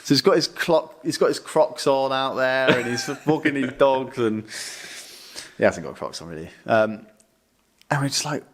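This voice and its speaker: At a moderate pace and medium pitch, the young co-host rambles through a story on the podcast. His delivery is laid-back, peppered with swearing and frequent fillers.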